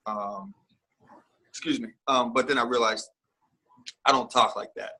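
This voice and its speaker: A man's voice: mid-range voice, steady tone, unhurried, sharp tone, breathy edge. A man speaking as a guest in a casual interview, rambling and candid, with lots of fillers and restarts.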